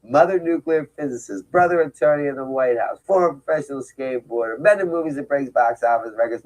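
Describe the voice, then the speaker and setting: Here a man with a mid-range, slightly mellow voice speaks quickly, barely pausing, on a low-quality recording. His talk is personal storytelling about his recovery, candid and emphatic, with many rhetorical asides about his past.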